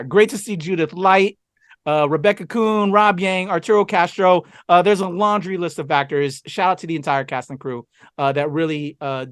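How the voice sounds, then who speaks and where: A man's voice: high voice, no echo, clean studio sound. A man co-hosting a casual film review, talking enthusiastically with lots of fillers and asides. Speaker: podcast co-host.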